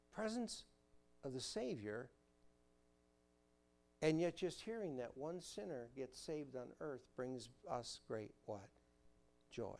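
A man preaching a sermon to his congregation with animated emphasis, asking questions and answering them himself. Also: medium pitch, vocal fry. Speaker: pastor. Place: church sanctuary.

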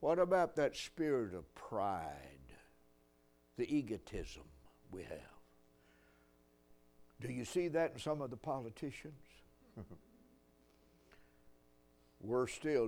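A man's voice: mid-range voice, big pitch swings, slow pace, long pauses, a little mellow. An older man preaching a sermon, telling folksy stories with dry humor.

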